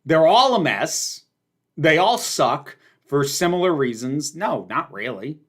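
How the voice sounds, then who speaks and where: Guy chatting on a livestream, really animated pitch, opinionated and rambly. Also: slow, breathy edge. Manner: opinionated, emphatic, rambling with fillers. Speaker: livestream host answering viewer questions. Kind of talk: casual livestream chat.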